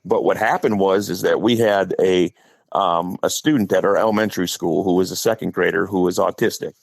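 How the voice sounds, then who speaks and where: A middle-aged man from Wisconsin with a low, gravelly voice, talking on a podcast as a guest coach. He tells long, chatty stories and slips into voices for the people in them. The sound is close and dry. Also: steady tone, brisk, no echo. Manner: talkative, acts out quotes in stories. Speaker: high school head football coach, podcast guest. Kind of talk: casual storytelling.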